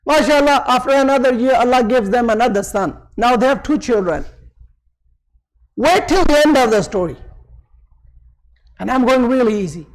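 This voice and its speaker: A man's voice: very high-pitched, animated, normal speed, pauses often, rough recording. A male preacher telling a story in a sermon, conversational and with frequent asides. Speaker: religious preacher.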